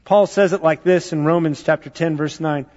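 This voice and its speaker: A man's voice: fairly high pitch, steady tone, normal speed, darkish tone. Man preaching in a reverberant church. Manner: conversational storytelling with fillers. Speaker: pastor. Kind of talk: sermon. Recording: dull sound with long hall reverb.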